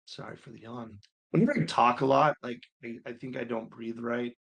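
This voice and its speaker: A man teaching accounting talks casually through a screen-recorded homework walkthrough, thinking aloud and sometimes sounding mildly exasperated. His voice is medium in pitch, creaky and husky with a slight brightness, and he speaks at a moderate pace.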